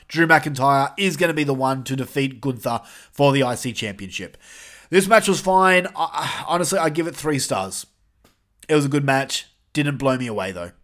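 A man's voice: fairly high pitch, a bit bright. Blunt, cursing male podcast host. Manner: blunt, profane, rambling. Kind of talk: casual wrestling review.

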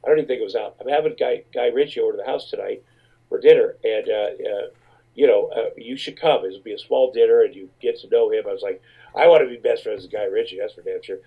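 Husky man telling a rambling story. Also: fairly low pitch, quick pace, highs cut off. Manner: rambling, profane, repeats words. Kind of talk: comic anecdote.

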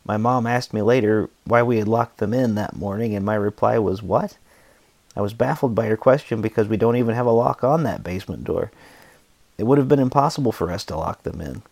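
Earnest man reading a devotional, low voice. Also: fairly quick, creaky, dry recording. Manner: earnest, steady teaching delivery. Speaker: podcast host and songwriter. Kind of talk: reading aloud from his own devotional book.

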